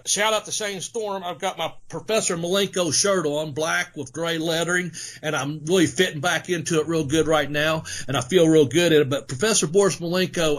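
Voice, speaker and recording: Excitable, profane higher-voiced man. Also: normal speed, few pauses. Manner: loose, profane, excitable banter with laughs. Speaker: podcast host, former pro wrestler. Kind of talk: casual podcast chat.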